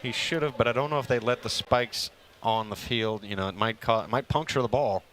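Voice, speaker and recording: A man's voice: mid-range voice, a little fast, fairly bright tone, slight background noise. A man calling a casual kickball game as play-by-play commentator, chatty and joking with his partner.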